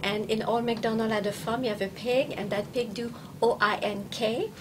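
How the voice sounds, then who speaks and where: Brief: French-accented woman comedian, fairly high voice, playful, halting, some background noise. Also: steady tone. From France. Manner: playful, laughs often, hesitant with fillers. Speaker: stand-up comedian, guest. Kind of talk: casual interview chat.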